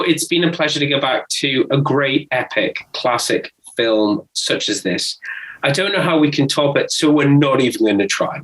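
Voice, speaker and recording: A man co-hosting a casual film podcast, animated and jokey, swearing freely. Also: mid-range voice, poor audio. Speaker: podcast co-host.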